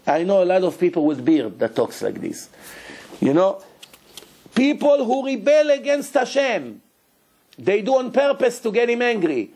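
A man, a rabbi, giving a Torah lesson in animated, broken English and acting out quotes. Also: high-pitched, normal speed, husky. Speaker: rabbi teaching a Torah class.

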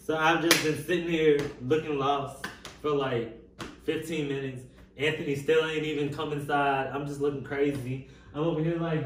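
A man vlogging a prank at home, chatting casually in slang with an animated, giggly manner. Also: normal speed, very echoey, recorded from a distance, slight background noise. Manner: animated, slangy, giggly, swings into high voices when quoting. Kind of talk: casual prank vlog chat. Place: home living room.

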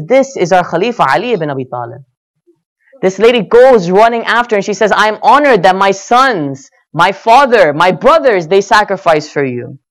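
A man's voice: high-pitched, a bit bright. Earnest man telling a sermon story. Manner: earnest, acts out quotes with rising and falling emphasis. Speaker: speaker at a religious gathering.

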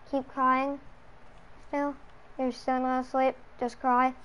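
High-voiced child, slow and exasperated. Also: monotone, a bit bright, smooth, rough recording. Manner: exasperated, groaning and muttering. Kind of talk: casual play-acting while gaming.

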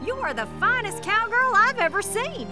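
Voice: extremely high pitch, big pitch swings, normal speed, over loud music. An actor voicing an admiring cartoon cowboy who praises the heroine's riding.

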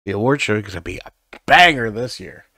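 A man's voice: lowish voice, expressive, fast, pushed and bright, dry recording. A man co-hosting a chatty podcast from his home studio, rambling and swearing casually. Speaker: podcast co-host. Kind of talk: casual chat.

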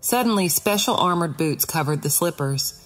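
A woman narrating a Christian allegorical audiobook in the first person, earnest and expressive. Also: low voice, normal speed, faint music behind.

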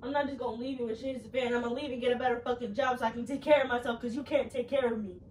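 A woman's voice: fairly high pitch, steady tone, very fast, darkish tone. Blunt young woman, swearing and exasperated. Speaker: girlfriend. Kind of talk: heated argument. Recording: roomy, distant and noisy.

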